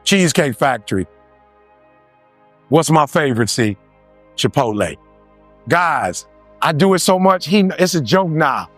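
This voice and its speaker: A man's voice: on the high side, measured pace, long pauses, dry recording. Man, motivational speaker, emphatic, dry close sound, faint music underneath. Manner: animated, emphatic, repeats lines, acts out other voices. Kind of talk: motivational speech.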